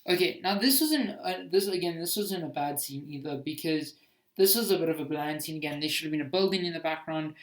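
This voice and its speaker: A man's voice: a little high, fairly quick. A man giving casual commentary on his own homemade film, hesitant and self-critical, with many restarts.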